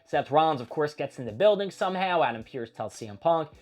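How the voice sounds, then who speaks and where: A man hosting a show, recapping a wrestling feud in a casual, profane, animated storytelling manner. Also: a little high, brisk. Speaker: host.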